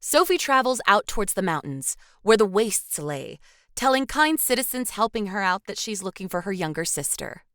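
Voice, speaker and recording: A woman's voice: mid-range voice, big pitch swings, moderate pace, a bit bright, no echo. A woman co-hosting a podcast, reading a film recap with dry little asides. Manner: scripted recap broken by dry quips. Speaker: podcast co-host.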